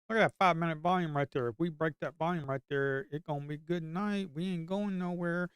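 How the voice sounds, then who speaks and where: A livestream day trader narrates his trades casually, speaking to the chart, nudging the market on out loud and muttering the odd curse. His voice is on the high side, smooth and a little fast with hardly any pauses, in a dry, studio-quality recording.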